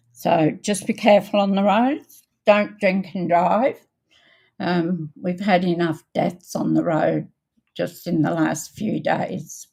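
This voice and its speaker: An older woman hosting a casual card-making livestream, chatting in an unhurried way with many ums and greeting viewers by name. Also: fairly low pitch, creaky, a little mellow. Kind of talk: casual crafting livestream chat.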